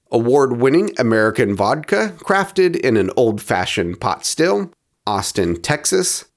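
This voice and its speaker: A man hosting a podcast, describing a bottle and tasting it in a measured, descriptive way, with quieter asides as he handles it. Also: medium pitch. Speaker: podcast host reviewing spirits. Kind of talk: scripted review narration.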